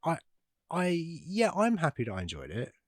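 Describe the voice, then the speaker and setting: A man's voice: a little high, wildly swooping pitch, moderate pace, no echo. A man co-hosting a film podcast, talking casually with frequent restarts and dry humour. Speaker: podcast co-host. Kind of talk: casual film-discussion chat.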